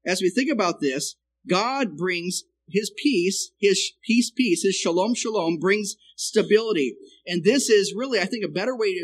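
A man preaching a sermon who explains the Hebrew text and keeps checking in with "okay?", his loudness rising and falling. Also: high voice, poor audio.

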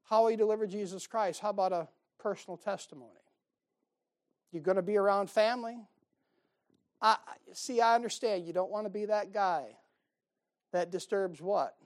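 A man's voice: sits high, a little mellow. Folksy preacher man firing rhetorical questions. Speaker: pastor. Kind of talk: sermon.

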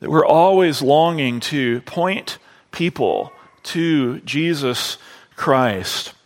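A man preaching a sermon to his congregation, drawing out key phrases slowly and deliberately. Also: on the high side, expressive, long reverb tail.

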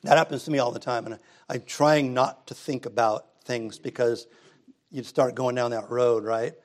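A man's voice: medium pitch, steady tone, moderate pace. A middle-aged man preaching a sermon in a church, easygoing and conversational, rising to emphatic passages. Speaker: pastor. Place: church sanctuary.

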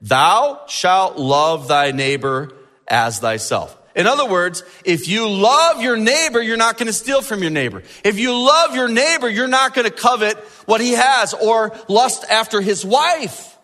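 A male pastor preaching a sermon in an animated way, stretching out key words for emphasis. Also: very high voice, normal speed, hardly any pauses, in a large hall.

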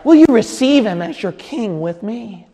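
A man preaching a sermon with passion, building from slow teaching up to shouting and crying out. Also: high voice, animated. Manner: impassioned, rising to shouts and cries. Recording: long hall reverb.

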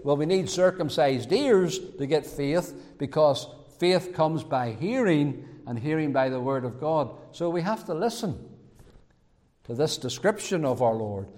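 A man preaching a sermon as pastor, in a measured way that repeats key phrases. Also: on the high side, dark tone, long reverb tail. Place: church.

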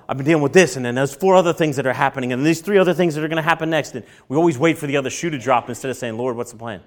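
Male preacher, conversational sermon delivery, rhetorical questions, bursts of animated acted voices. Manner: asks rhetorical questions and answers them; acts out quoted voices with big jumps in pitch and loudness.

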